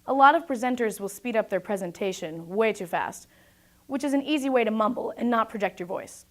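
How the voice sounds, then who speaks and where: A young woman giving a scripted talk about presentation skills, speaking in a clear, projected and deliberate way. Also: fairly high pitch, animated.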